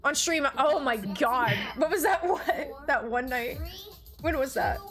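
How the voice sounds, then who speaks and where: A woman streaming a game, chatting casually, excitable and swearing a lot. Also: high-pitched, measured pace, music in the background. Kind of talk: casual gaming chat.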